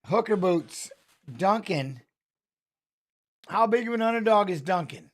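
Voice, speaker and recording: A man with a notably high voice hosting a watch-along of live fights. He talks loosely, rambling and muttering asides before reeling off fighter stats. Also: expressive. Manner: rambling, muttered asides and quick stat reading. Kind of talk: casual live commentary while watching fights.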